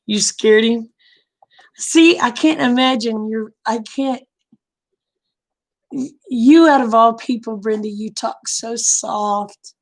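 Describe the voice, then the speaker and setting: Woman, livestream host, casual storytelling, frank and laughing, fairly high voice. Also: slow, long pauses. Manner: chatty and frank, laughs often, greets viewers by name. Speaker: livestream host chatting with viewers.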